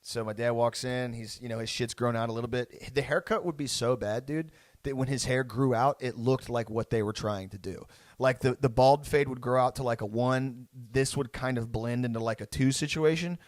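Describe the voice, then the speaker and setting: A man's voice: mid-range voice, normal speed, no echo. A young man hosting a podcast, telling a childhood story in a rambling, profane, laughing way. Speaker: podcast co-host. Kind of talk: casual storytelling.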